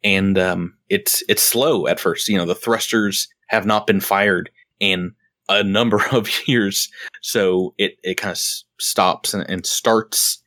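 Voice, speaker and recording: A man narrating as game master in a tabletop role-play, relaxed and rambling. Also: low voice, takes it slowly, no room sound, clean studio sound. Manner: relaxed, rambling with fillers and restarts.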